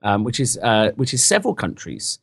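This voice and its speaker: A man's voice: on the low side, huge pitch swings, fairly quick, vocal fry, husky, no room sound, studio quality. An English man co-hosting a podcast, joking around in casual chat and slipping into silly voices. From England. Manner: jokey, slips into silly put-on voices. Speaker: podcast co-host.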